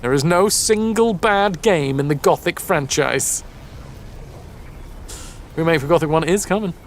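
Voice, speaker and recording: A man's voice: on the high side, a little slow, a little hiss or hum. A man streaming a game, chatting casually with viewers, reading game text aloud and swearing now and then. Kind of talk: casual gameplay commentary with chat. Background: faint game music.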